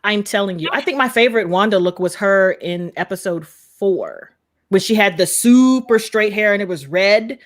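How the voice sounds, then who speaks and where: A woman co-hosting a casual chat who talks fast and excitably and laughs often. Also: medium pitch. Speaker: co-host.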